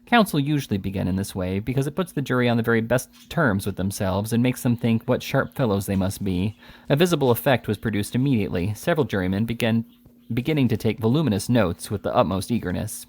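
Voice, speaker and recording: A man reading a classic novel aloud in an audiobook style, measured and expressive, with occasional slips. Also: fairly low pitch.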